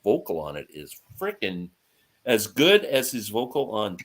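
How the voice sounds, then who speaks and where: An enthusiastic man hosting a relaxed live-stream chat. He speaks in a very low voice that swings widely in pitch, laughs easily and stops to read out comments from viewers. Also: unhurried.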